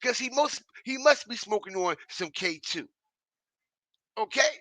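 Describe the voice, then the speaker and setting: A man's voice: sits high, lively intonation, measured pace, sharp tone, dry recording. A man giving a ranting online commentary, emphatic and profane, repeating himself and checking in with his listeners. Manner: emphatic, repetitive, keeps checking in with the audience; profane and mocking.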